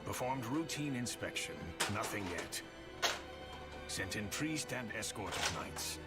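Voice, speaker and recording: A man's voice: fairly low pitch, lively intonation, measured pace. An actor voicing a dutiful male soldier in a fantasy game, speaking in short, clipped report-style sentences. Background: loud game music.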